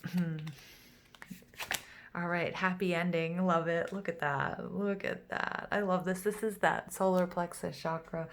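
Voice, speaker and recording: A woman giving a casual tarot reading to her viewers, gushing and excitable, full of fillers and a little out of breath. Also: fairly low pitch, gravelly. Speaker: tarot reader.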